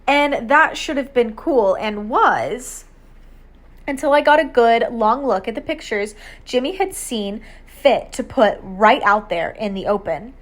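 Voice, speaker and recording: A woman's voice: on the high side, expressive. Woman narrating a first-person audiobook. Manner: measured, storytelling delivery.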